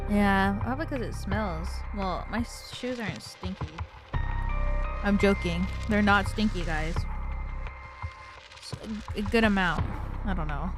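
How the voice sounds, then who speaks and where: A woman streamer chatting casually with viewers, giggly and rambling with lots of fillers. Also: mid-range voice.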